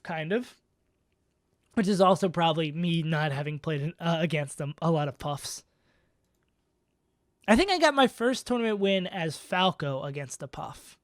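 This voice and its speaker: A man's voice: on the high side, no echo, studio quality. Rambling, self-mocking male streamer. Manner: rambling, self-mocking, many fillers and restarts. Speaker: streamer ranking players. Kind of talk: casual live-stream commentary.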